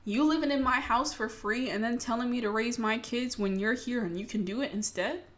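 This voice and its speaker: Incredulous scolding parent, exasperated, sharp questions, as a young woman mimics them. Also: a little high, fairly quick, natural voice.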